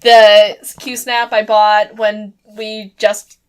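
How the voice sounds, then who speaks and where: A woman's voice: mid-range voice, little pitch movement, drawn-out words, smooth. A young woman co-hosting a casual crafting show, chatting in an easygoing way. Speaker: podcast co-host. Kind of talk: casual chat. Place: indoors at home, on camera.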